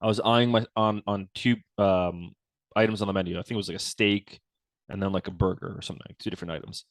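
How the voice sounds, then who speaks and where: A man's voice: fast talker, no echo. A man, a company founder, telling a story from his own life in a casual interview and acting out the quoted dialogue. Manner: relaxed storyteller, acts out quoted dialogue with lively pitch jumps.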